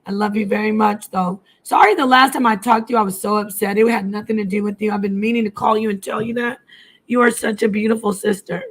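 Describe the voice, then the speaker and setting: A middle-aged woman hosts a casual live stream at a quick pace, her medium-pitched voice keeping a fairly even intonation. She chats with viewers, answering the chat and hopping from one language to another as she goes.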